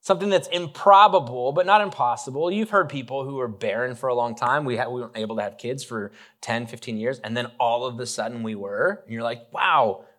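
A man preaching a relaxed, conversational sermon, joking with the congregation and talking with many fillers and restarts. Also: medium pitch, a little fast, few pauses. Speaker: pastor.

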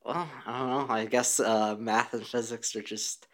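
Male researcher, low voice, considered answers, light laughs, easygoing restarts. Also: little pitch movement, moderate pace, fairly bright tone. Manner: thoughtful, with small laughs and restarts. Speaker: physicist and researcher. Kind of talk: conversational interview answers.

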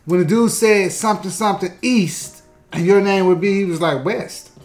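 A co-host telling stories in a casual chat, animated and stammering through restarts. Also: medium pitch, normal speed, faint music behind. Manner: animated, acts out quoted voices, stammering restarts. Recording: roomy echoey room.

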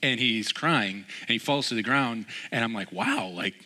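A man's voice: mid-range voice, normal speed, pushed and bright. A man, a pastor, giving a casual sermon full of stories and fillers who acts out the people in them. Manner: casual storytelling, many fillers.

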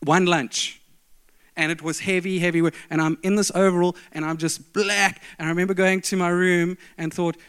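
A man's voice: fairly high pitch, normal speed, a bit bright, clean tone. A middle-aged man preaching a sermon, telling stories with emphatic, varied delivery.

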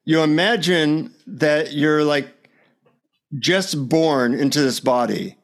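A man speaks as a podcast guest over a remote call. His voice is fairly high for a man. He tells anecdotes in an animated way and often chuckles. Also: slow. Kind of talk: casual storytelling interview.

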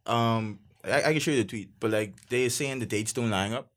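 A man's voice: medium pitch, normal speed, fairly bright tone. A man on a podcast, rambling and mumbling through his points. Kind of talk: casual podcast banter.

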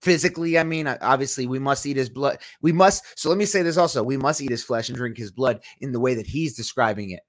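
A man's voice: medium pitch, fast, hardly any pauses, no room sound, clean studio sound. A man hosting a podcast at home, teaching a casual Bible study in an emphatic, argumentative way.

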